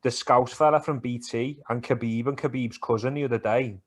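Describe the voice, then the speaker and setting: A man co-hosting a podcast, chatting in a sweary, animated, teasing way. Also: medium pitch, normal speed. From England. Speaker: podcast co-host. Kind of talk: casual banter about football and MMA.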